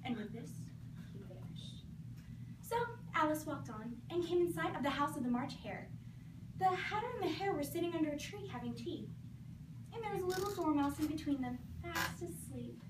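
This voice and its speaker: A woman's voice: high voice, moderate pace. Teen girl from Georgia telling a storybook tale with lots of expression; distant mic, room noise. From Georgia, USA. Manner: animated, expressive. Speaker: competition performer. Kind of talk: storybook narration. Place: school competition room. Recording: echoey room from far off, noisy.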